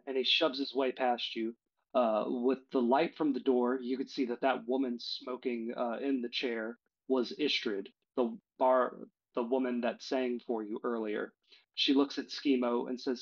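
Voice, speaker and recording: A man's voice: medium pitch, a little slow, slightly rough. Game master guy narrating casually, lots of uhs, muffled lo-fi audio. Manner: relaxed, many fillers, self-correcting.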